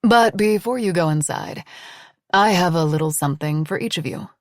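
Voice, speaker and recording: A woman's voice: on the low side, moderate pace, dry recording, clean studio sound, close to an everyday voice. A woman voicing a poised female hostess of a mansion, dramatic and eager to please. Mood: teasing.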